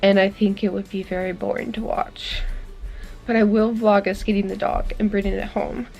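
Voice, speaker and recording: A woman's voice: medium pitch, little pitch movement, normal speed, gravelly, a little mellow, highs cut off, faint music behind. A young woman vlogs into a handheld camera, chatting casually and a little out of breath. Her talk rambles along with fillers. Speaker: vlogger.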